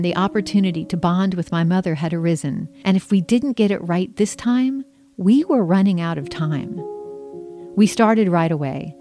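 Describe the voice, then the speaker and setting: A woman with a lowish voice reads her own memoir as an audiobook, wry and conversational. She is middle-aged and grew up in the American South. Faint music plays under her voice. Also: warm tone. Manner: conversational, wry storytelling with lightly acted dialogue. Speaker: author reading her memoir.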